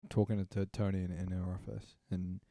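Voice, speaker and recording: A man's voice: low-pitched, little pitch movement, moderate pace, vocal fry, dark tone, no room sound, studio quality. A man co-hosting a podcast, rambling casually with lots of fillers and swearing. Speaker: podcast co-host. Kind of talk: casual chat.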